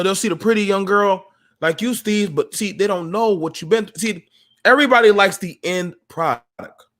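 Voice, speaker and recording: Animated man hosting a call-in talk show. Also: sits high. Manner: animated, preachy storytelling with slang. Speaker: podcast host. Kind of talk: casual call-in chat.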